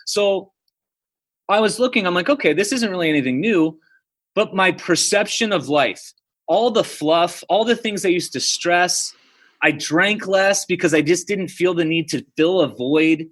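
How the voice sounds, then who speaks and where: A man's voice: high-pitched, unhurried, a bit bright. A man in his thirties, a podcast guest telling personal stories in a casual way, full of "like" and "dude". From United States. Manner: casual, storytelling, uses "dude" and "like" often. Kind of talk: podcast interview.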